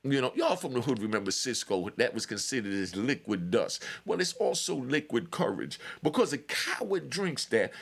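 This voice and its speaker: A man hosting his own show, casually telling a long prison story in an animated, digressive way and laughing often. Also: medium pitch, gravelly, slightly rough.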